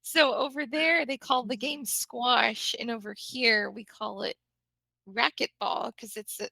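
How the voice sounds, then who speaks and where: American woman, English teacher, lively and chatty; higher voice with a crisp bright tone. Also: measured pace, dry recording, poor audio. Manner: animated, chatty, laughs often. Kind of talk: casual conversation.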